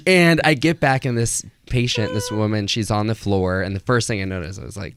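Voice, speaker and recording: A man's voice: lowish voice, fairly quick. A young man from Florida, a nurse and comedian, telling stories on a radio morning show and acting out quotes. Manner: animated, acts out quotes in a raised voice. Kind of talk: casual radio interview storytelling.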